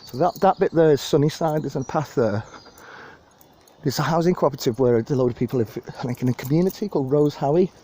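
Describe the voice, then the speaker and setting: A man's warm, fairly high voice moves fast as he vlogs a rambling, chatty walk through a city park, speaking into a handheld phone and laughing at his own jokes. There's a little hiss or hum on the recording.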